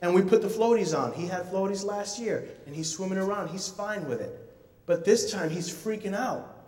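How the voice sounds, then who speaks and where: Man, pastor, earnest conversational sermon, fairly high voice, roomy hall echo. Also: expressive, moderate pace, a little mellow. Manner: earnest, conversational preaching with repetitions. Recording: echoey hall, voice from far off.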